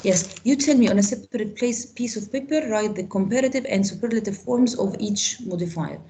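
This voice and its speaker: A woman teaching an English grammar class online, explaining with slow example sentences and quizzing students. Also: medium pitch, warm tone, a little hiss or hum.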